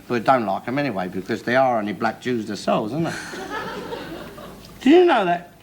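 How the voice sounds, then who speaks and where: An actor playing a loud, bigoted middle-aged working-class man in a 1970s TV sitcom, ranting and swearing constantly. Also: mid-range voice, sing-song, brisk. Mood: lecturing. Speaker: bigoted head of the household. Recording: hissy old TV soundtrack.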